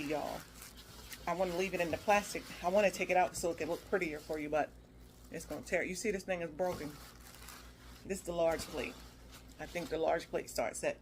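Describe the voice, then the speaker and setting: A chatty woman reviews her food for the camera in a relaxed, playful vlog voice that sits a little low. She hums and exclaims between bites. A faint hiss of background noise runs under her. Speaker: food vlogger.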